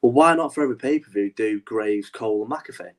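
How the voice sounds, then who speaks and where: Animated rambling man on a podcast. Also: fairly low pitch, fast talker. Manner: animated, rambling with many restarts and swearing. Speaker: podcast co-host. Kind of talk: casual wrestling chat.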